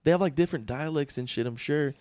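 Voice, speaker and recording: A man co-hosting a casual podcast, musing out loud and swearing between halting phrases. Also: dry recording. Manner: rambling, swearing, lively pitch. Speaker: podcast co-host.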